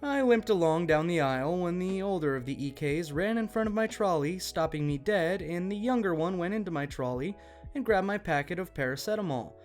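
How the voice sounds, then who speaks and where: A man reading out a written story as the channel's narrator, in an even, matter-of-fact way. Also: sits high, brisk. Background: faint guitar music.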